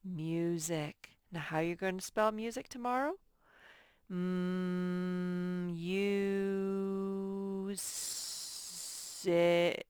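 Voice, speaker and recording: A woman teacher talks young children through their spelling words, breaking each one into syllables at an unhurried pace. Her voice is smooth and somewhat low, with a dry, close sound. She speaks plainly and patiently. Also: fairly even intonation, darkish tone, no room sound. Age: adult. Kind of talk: first-grade spelling lesson.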